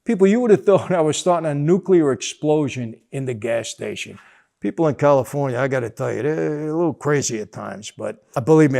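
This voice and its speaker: An older man telling a personal story in a casual, animated way, acting out the dialogue. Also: mid-range voice, gravelly. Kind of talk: casual anecdote.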